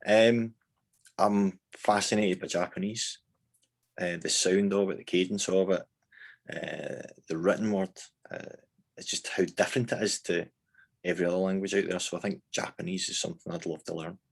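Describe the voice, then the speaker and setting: A man's voice: low voice, steady tone, moderate pace, gravelly, breathy edge. A man with a Scottish accent, a band member chatting casually in an interview, rambling with many fillers and restarts. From Scotland.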